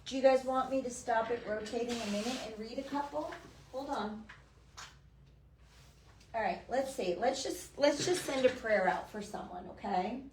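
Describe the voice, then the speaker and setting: A woman hosting a live craft stream, chatting softly to viewers by name and gushing over the decorations. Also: a little high, moderate pace, a little hiss or hum, low-quality recording. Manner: hushed, half-whispering. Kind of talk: casual live-stream chat.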